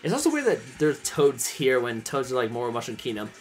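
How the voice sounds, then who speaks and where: A man's voice: medium pitch, big pitch swings, a little fast, soft background music. A man hosting a let's play, chatty and enthusiastic. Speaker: gaming channel host.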